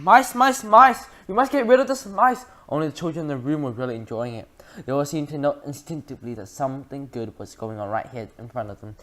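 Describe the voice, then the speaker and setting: A reader narrating a children's book aloud in a lively way, with frequent slips and restarts. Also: mid-range voice.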